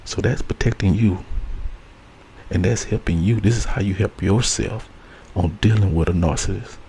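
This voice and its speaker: A man's voice: on the low side, creaky, dark tone, slight background noise, rough recording. A man hosting an ASMR spiritual advice talk, speaking earnestly and repeating key phrases like a preacher. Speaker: host.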